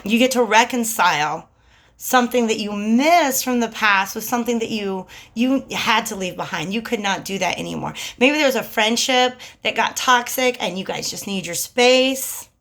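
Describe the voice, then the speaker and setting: A woman giving a casual tarot reading in a chatty, slangy, animated way. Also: fairly high pitch, normal speed. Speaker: tarot reader.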